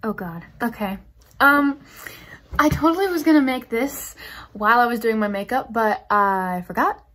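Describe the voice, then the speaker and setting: A young woman in her late teens, a graduating theater student, giving a teary, halting farewell vlog message while fighting back tears. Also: a little high, fairly bright tone.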